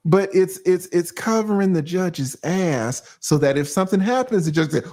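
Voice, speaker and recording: A man hosts a casual legal breakdown on a livestream, animated and blunt and quick to curse. His voice sits a little high for a man and swings up and down as he acts out quick asides. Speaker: livestream host, lawyer.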